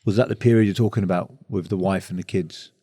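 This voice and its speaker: A man hosts a podcast in a casual, informal manner and swears now and then. His voice is fairly low and mellow. It is recorded dry and close. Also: steady tone, fast, breathy edge, no echo, long reverb tail. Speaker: podcast host. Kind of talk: casual interview chat.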